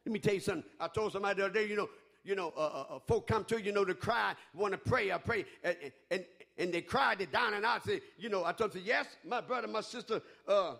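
A man preaching a fervent sermon, rising to shouts and chuckling between lines. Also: high-pitched, vocal fry. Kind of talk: call-and-response sermon.

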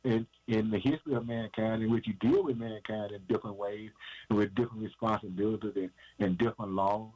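A man's voice: on the low side, level tone, brisk, darkish tone, dull audio. A man preaching an informal sermon, asking and answering his own questions in an emphatic, repetitive cadence and often calling the listener "man".

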